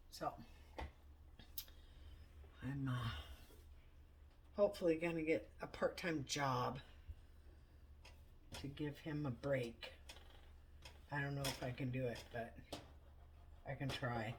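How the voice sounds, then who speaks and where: A woman's voice: sits low, slight background noise. A woman casually telling a rideshare story to camera in a blunt, chatty, sometimes profane way, laughing between points. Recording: voice a little far from the mic.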